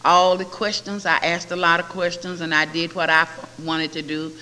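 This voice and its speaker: An older woman giving a personal testimony at a recovery meeting, telling her story in a lively, animated way. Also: fairly low pitch, normal speed. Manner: storytelling, quotes others in lively voices. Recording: echoey hall with faint hiss.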